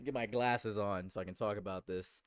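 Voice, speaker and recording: Male live-stream commentator: smooth, clean voice on a dry close mic, rants at the news, stutters and repeats lines, flips from yelling to muttering. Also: lowish voice, steady tone, moderate pace, no room sound. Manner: exasperated, swings from shouting outrage to muttering; repeats phrases, stammers and restarts.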